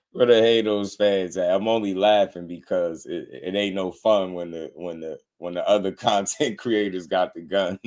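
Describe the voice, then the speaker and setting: A man hosting a casual boxing commentary show, blunt and slangy, laughing often as he talks. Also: deep voice.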